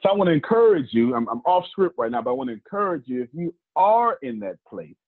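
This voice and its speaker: A man with a fairly high, sing-song voice talks fast, sounding like a motivational speaker sharing personal stories. His casual, joking storytelling is sprinkled with preacher-like asides. The audio is lo-fi, like a phone line.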